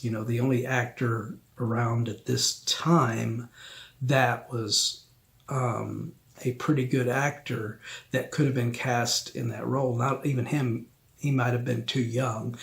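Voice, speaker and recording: A man hosting a film review channel, talking through a review in a slow, rambling way with many ums. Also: mid-range voice, creaky, fairly bright tone.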